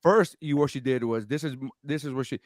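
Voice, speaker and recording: A man's voice: mid-range voice, a little fast, no echo. A man hosting a podcast in casual chat, telling stories with lots of acted-out quotes and plenty of swearing. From Nicaraguan heritage. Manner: animated storyteller, acts out quotes in other voices; swears freely. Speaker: podcast host.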